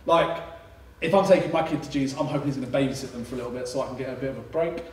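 A man preaching a sermon, telling the story in an animated way with casual asides. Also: mid-range voice, rapid-fire. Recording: echoey room, distant mic.

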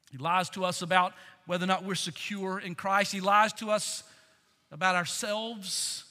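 A man preaching a sermon as pastor of his church, impassioned, swinging from loud to near whispers. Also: sits high, normal speed. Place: church sanctuary. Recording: long reverb in a church hall.

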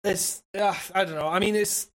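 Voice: medium pitch, fairly even intonation, moderate pace. A podcast co-host in casual gaming chat, talking hesitantly with stammering restarts and casual swearing.

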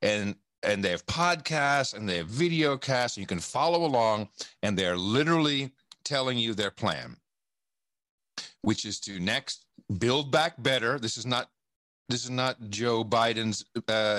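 A man's voice: mid-range voice, animated, measured pace, a bit bright, no room sound, studio quality. A man talking in a casual interview, rambling and emphatic, swearing often and restarting his sentences. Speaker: podcast guest. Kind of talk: casual conversation.

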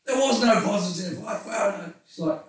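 A man's voice: high voice, normal speed, very echoey, recorded from a distance, low-quality recording. A man candidly telling personal stories in conversation, rambling and self-deprecating with frequent laughs. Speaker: interview guest.

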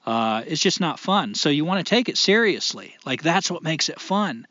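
A man's voice: on the high side, sing-song, moderate pace, bright, forceful tone, no room sound. Reflective man on a lo-fi podcast. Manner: reflective, emphatic, swears casually. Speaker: podcast co-host. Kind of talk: casual podcast chat.

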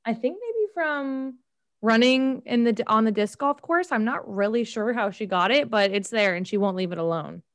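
Teasing, slightly high-voiced woman co-host. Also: fairly bright tone. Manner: teasing, quick-witted banter. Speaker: podcast co-host. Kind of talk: casual chat.

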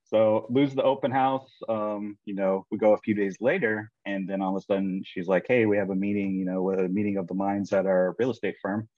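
Guy with a lowish voice telling a story, animated, quotes people, dull dry sound. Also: fairly quick, few pauses, dry recording. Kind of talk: casual storytelling.

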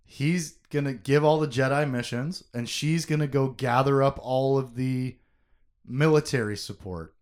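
A man's voice: medium pitch, a little slow, a little mellow. A young man co-hosting a podcast, chatting casually about a novel in an emotive, conversational way with plenty of fillers and laughter.

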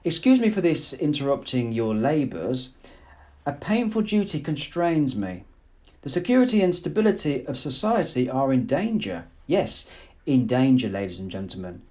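A man's voice: medium pitch, big pitch swings, moderate pace, warm tone, close to an everyday voice. A man voicing a stern, pompous male director who makes accusing speeches.

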